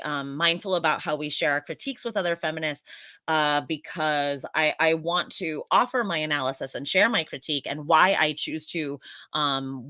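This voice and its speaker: A woman's voice: low voice, pushed and bright, no echo. An American woman hosting a casual live Q&A stream, earnest and reflective, often restarting her sentences as she thinks aloud. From United States.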